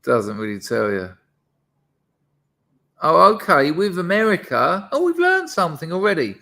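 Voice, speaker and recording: A man's voice: on the high side, huge pitch swings, measured pace, gravelly, pushed and bright. A man hosting a casual live stream, rambling and chatting to his viewers with self-deprecating asides. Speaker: livestream host.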